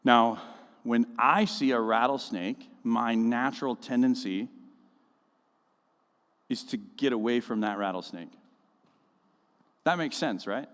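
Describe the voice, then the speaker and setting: A man preaching a sermon as a pastor, conversational and full of animated storytelling, in a church auditorium. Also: medium pitch, takes it slowly, long pauses. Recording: echoey church hall.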